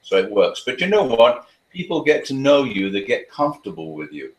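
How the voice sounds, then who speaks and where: A man's voice: mid-range voice, very animated, moderate pace, slight background noise. A man, a dog trainer answering interview questions in a chatty, anecdotal way with a playful, sarcastic streak. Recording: roomy echo.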